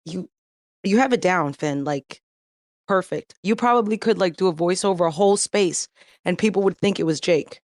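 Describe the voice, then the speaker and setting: Raspy woman telling excitable stories. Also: on the low side, normal speed, no echo, clean studio sound. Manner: excitable, gossipy storytelling. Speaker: panelist. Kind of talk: casual online panel chat.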